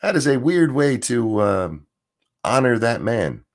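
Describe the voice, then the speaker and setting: A man with a strained, hoarse voice, ranting casually as host of a live stream and reading out viewer messages. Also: medium pitch, very animated, unhurried. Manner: blunt, rambling, reads out viewer messages. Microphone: desk mic.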